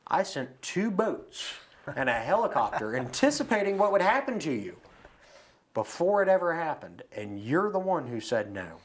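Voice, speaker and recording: Man voicing God, male, patient, all-knowing, calm. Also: a little high, moderate pace, pitched above the performer's own voice.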